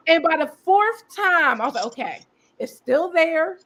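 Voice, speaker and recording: This is a woman guest recounting a personal experience with lots of energy. Her voice sits high and leaps up and down as she acts out what others said. She laughs easily through the telling. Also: measured pace. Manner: expressive, acts out quoted voices, laughs often. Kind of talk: animated personal storytelling.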